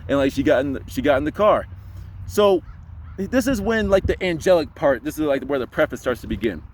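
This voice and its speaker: Brief: quick-talking young male vlogger, rambling storyteller, slightly high voice. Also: animated. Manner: rambling, heavy on fillers like "you know". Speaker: spiritual vlogger. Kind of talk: casual storytelling vlog.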